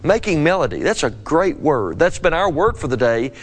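Guy preaching a short bible lesson, kinda high voice, keeps asking do you really mean it. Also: big pitch swings, normal speed. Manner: earnest, rhetorical questioning. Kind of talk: scripture devotional teaching.

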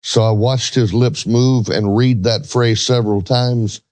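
A man's voice: medium pitch, fairly even intonation, a little slow, a little mellow, no echo. A middle-aged man earnestly telling a church story, emphatic when quoting others. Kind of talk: storytelling in a religious talk show.

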